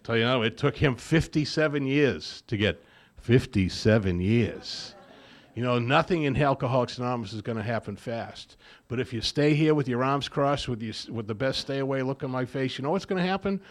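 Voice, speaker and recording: A man's voice: mid-range voice, expressive, fairly quick. A man speaking at a recovery meeting, telling his story to the group and acting out the voices in remembered conversations. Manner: storytelling that acts out both sides of remembered dialogue. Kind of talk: personal recovery talk to a group.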